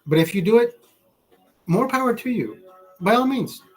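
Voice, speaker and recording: A man's voice: high-pitched, lively intonation, moderate pace, soft background music. A man hosting a live stream, ranting in a rambling, profane way with laughing asides. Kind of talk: livestream rant.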